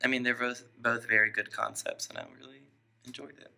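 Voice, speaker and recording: Gravelly, bright-voiced young man joking. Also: mid-range voice, fairly even intonation, fairly quick. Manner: joking, self-mocking, laughs often. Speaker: podcast host. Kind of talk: casual chat.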